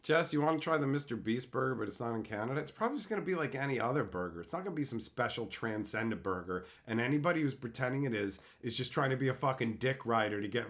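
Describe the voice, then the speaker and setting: Animated, bright-voiced male streamer. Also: medium pitch, fast talker, few pauses. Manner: animated, swearing, rants with exasperated disbelief. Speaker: streamer reading chat. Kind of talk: casual live-stream chat.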